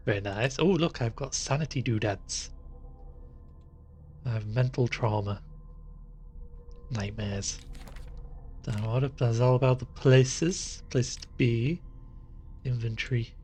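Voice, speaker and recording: A man's voice: mid-range voice, measured pace, long pauses, darkish tone, slight background noise. A man casually commenting while playing a game live, chatty and jokey with rambling asides.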